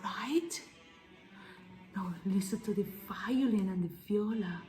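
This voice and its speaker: A woman teaching preschool children about music, reading from a picture book in a gentle, expressive way with hushed asides. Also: medium pitch, takes it slowly, pauses often. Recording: faint music playing behind.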